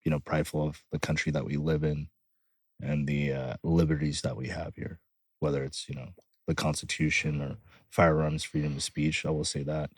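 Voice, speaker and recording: A man's voice: a bass voice, flat delivery, moderate pace, breathy edge, no echo. A man who is a firefighter and guest on a podcast, talking in casual conversation, blunt and profane with many filler phrases, outdoors. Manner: blunt, profane, frequent "you know".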